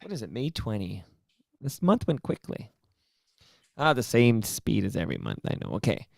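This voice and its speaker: A man co-hosting a podcast, joking in quick casual banter. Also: lowish voice, wildly swooping pitch, creaky, dry recording, studio quality. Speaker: podcast co-host. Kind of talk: casual chat.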